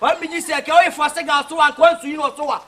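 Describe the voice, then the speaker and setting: A man playing a loud, bossy charcoal seller with a Ghanaian accent, haggling in rapid banter, recorded outdoors from a distance. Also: very high-pitched.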